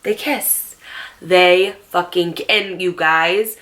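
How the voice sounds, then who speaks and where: A woman in her late twenties telling a storytime vlog to camera, animated and sassy, swearing freely. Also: on the low side, takes it slowly, faint music behind. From New Jersey. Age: late 20s. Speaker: storytime vlogger.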